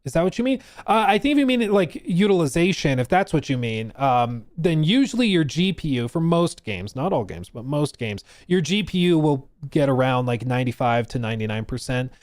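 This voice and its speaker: A man from Colorado chats on a live stream, reading his chat aloud and riffing on their questions. His pitch swings widely and sits a little high. The sound is close and dry, with almost no room around it. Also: sing-song, fairly quick, few pauses, a little mellow, dry recording. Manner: chatty, reads chat aloud, explains and jokes.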